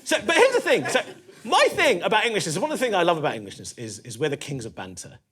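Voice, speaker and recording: A man in his thirties with a London accent, performing a stand-up set in a comedy club, conversational and punchy, with quick asides to the crowd. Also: high-pitched, huge pitch swings, fairly bright tone, slightly rough. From East London.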